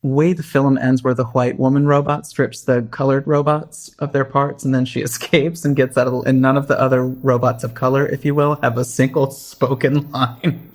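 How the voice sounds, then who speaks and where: In a casual podcast chat, a male co-host speaks at normal speed in a mid-range voice with little pitch movement, though his manner stays wry and theatrical and he rants sarcastically.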